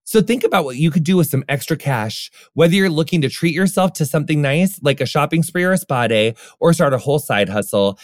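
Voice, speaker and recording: A man's voice: fairly high pitch, lively intonation, a little fast, few pauses, dry recording, studio quality. A man reading a sponsor ad in a chatty, gushing way, calling listeners darling and honey. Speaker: podcast host reading ads. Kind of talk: casual ad read.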